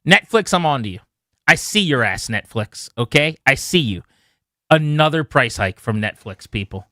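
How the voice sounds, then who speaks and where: A man's voice: medium pitch, moderate pace, no room sound, studio quality. A man co-hosting a radio show, ranting sarcastically and joking in casual chat. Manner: animated rant, sarcastic, joking. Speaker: radio co-host. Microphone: studio microphone.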